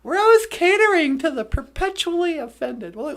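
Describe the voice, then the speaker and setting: A woman's voice: very high-pitched, sing-song, fairly quick. A woman delivering a comedic rant in a sarcastic, mocking way, laughing often. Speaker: comedic commentator.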